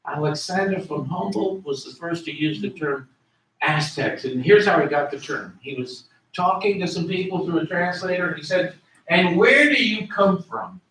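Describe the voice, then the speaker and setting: Delivering a history lecture, a man patiently explains terms to his class, repeating words and their spellings. His voice is a bit high and his pace moderate, heard from a distance in a room with echo.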